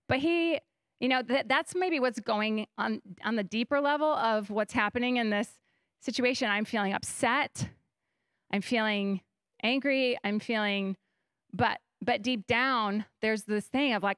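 A woman's voice: a little high, measured pace, a bit bright, clean tone, no echo, studio quality. A young woman pastor giving a conversational sermon in a church, telling stories animatedly and acting out her own thoughts. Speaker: guest pastor. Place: church stage.

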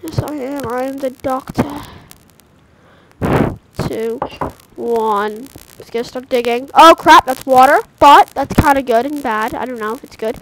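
A young woman commenting on her own gameplay in casual chat, excitable, yelping and tossing out silly mock curses. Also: high voice, measured pace. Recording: noisy home mic recording.

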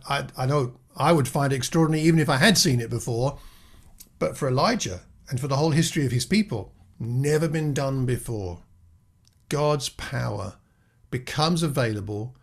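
A man giving a reflective Bible teaching, talking earnestly with restarts and rhetorical questions. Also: medium pitch. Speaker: preacher.

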